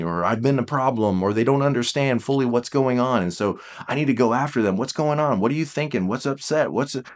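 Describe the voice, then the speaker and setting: A man coaching on personality types, talking casually to his viewers, animated, mimicking them in playful voices and dropping to slow, quiet emphasis. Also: medium pitch. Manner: animated, jumps into playful mock voices of the listener; drops to slow, quiet emphasis on key points. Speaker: Enneagram coach. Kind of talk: casual talk to camera.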